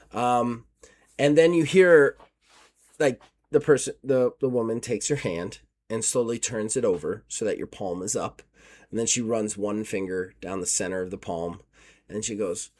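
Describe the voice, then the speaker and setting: Male game master, relaxed, rambling horror narration, self-correcting. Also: medium pitch, a little slow. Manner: casual, many fillers, self-correcting.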